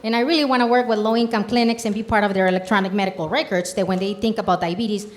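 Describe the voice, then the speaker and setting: A woman's voice: medium pitch, steady tone, very fast. A woman from Mexico, a native Spanish speaker with a Mexican Spanish accent, asking a question at a public forum. She works as a community health program director and speaks in an earnest, story-driven way, often adding "right?".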